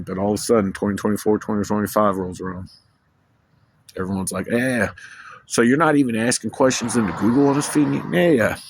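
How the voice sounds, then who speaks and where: Scattered rambling man, lowish voice, faint background hiss, casual swearing. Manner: scattered, loses his train of thought, swears casually. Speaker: vlogger. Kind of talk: rambling personal monologue.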